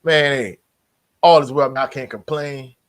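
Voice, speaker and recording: A man's voice: mid-range voice, fairly even intonation, unhurried, clear, resonant tone. Laid-back slangy man hosting live sports talk. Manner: laid-back, slangy, greets chat members. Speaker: sports livestream host.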